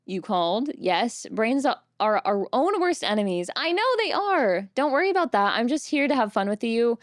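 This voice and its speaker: A young woman streaming, chatting casually with her viewers in a soft, rambling way, tearful and full of self-doubt. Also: a little high, very animated, moderate pace, no echo, clean studio sound.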